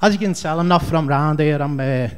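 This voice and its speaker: A man's voice: a little high, a little fast, smooth. Scouse man, chatty stand-up set. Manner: rambling, chatty, heavy on fillers. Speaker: stand-up comedian. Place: comedy club stage.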